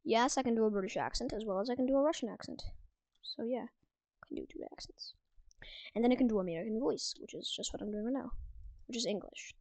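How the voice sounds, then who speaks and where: A woman's voice: fairly high pitch, quick pace, a little mellow, dry recording. A woman giving casual, self-mocking gameplay commentary from a room at home, often dropping into whispered asides. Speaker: gaming video creator.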